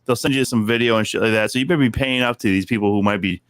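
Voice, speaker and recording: A man's voice: on the low side, racing, a bit bright, no echo, studio quality. A man co-hosting a casual wrestling podcast, profane and mock-boastful as he jokes with friends. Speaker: podcast co-host.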